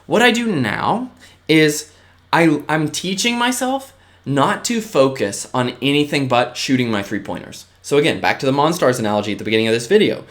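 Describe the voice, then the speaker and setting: A male vlogger gives his viewers a casual, earnest motivational talk, often checking in with a quick "right?" He moves between eager bursts and softer, lower asides, and he's very animated.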